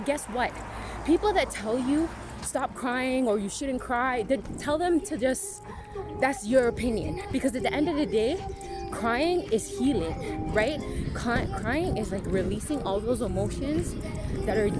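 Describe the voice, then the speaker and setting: A woman giving a candid motivational monologue to camera, frank and emphatic, swearing freely and often asking "right?". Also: fairly high pitch. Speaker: motivational vlogger.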